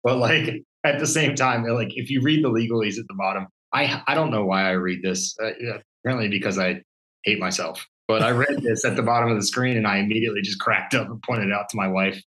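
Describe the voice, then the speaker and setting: Chatty man, bright voice, lots of "like". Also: on the low side, fast talker, low-quality recording. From Maryland. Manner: rambling, heavy use of "like". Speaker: podcast co-host. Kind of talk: casual chat.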